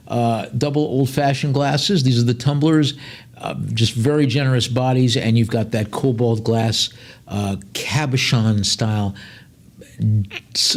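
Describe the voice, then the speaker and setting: A man working as an auctioneer at a live online sale, rattling off bid calls and tossing in chatty jokes between lots. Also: mid-range voice.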